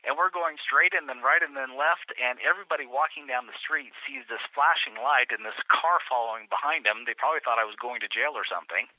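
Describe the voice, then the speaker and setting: A man tells a story in a lively way as a guest on a travel interview, taking on the voices of the people he met. He speaks at a middle pitch. His voice comes through a thin, phone-like line that sounds very dry. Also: fairly quick, few pauses, dry recording. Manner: animated storyteller, acts out quotes.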